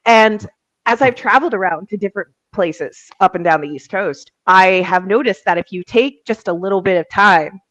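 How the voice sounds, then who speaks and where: A woman's voice: medium pitch, moderate pace, a bit bright, no echo, dull audio. A young adult woman, a psychic medium, talking casually in an interview, laughing often and filling her talk with "like" and "um".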